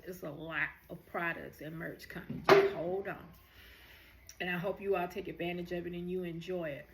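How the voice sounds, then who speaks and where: A woman's voice: mid-range voice, vocal fry, a bit bright. Earnest woman host giving encouragement. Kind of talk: motivational talk to viewers.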